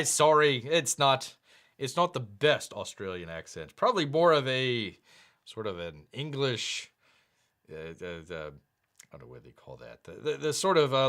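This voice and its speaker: A man's voice: mid-range voice, sharp tone. A man hosting a casual livestream and reading viewer comments, rambling and jokey, often searching aloud for words. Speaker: livestream host.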